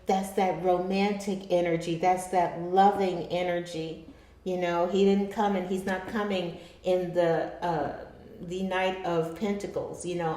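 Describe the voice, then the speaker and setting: A woman's voice: mid-range voice, steady tone, normal speed, mellow. A woman giving a chatty tarot reading to her viewers, calling them her darlings. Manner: chatty, laughs often, addresses viewers as darlings. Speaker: tarot reader. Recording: echoey room.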